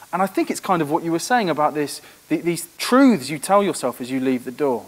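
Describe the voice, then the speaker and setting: A man's voice: on the high side, big pitch swings, brisk. A man giving a frank, earnest church talk in conversation with a host. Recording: echoey room with long reverb.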